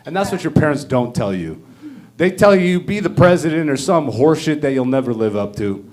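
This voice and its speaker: A man's voice: medium pitch, expressive, fairly quick, darkish tone. A man in his thirties doing a profane, brash stand-up comedy rant on a club stage. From Canada. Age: 30s.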